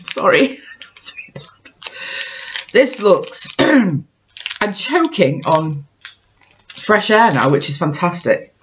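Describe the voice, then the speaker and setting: A woman chats on camera while she tastes snacks. Her voice sits fairly low but swings widely in pitch, and she talks unhurriedly. She jokes about herself and thinks out loud, with a faint hiss in the background. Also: very animated, extremely slow, pauses often. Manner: chatty, self-mocking, thinks aloud while tasting. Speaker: vlogger. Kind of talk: casual snack-tasting chat.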